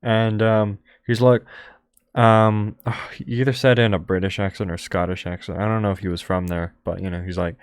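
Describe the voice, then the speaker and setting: A man's voice: on the low side, level tone, moderate pace, clear, resonant tone, no echo. A young man hosting a streamer podcast, chatting casually and rambling with lots of fillers and restarts. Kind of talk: casual chat.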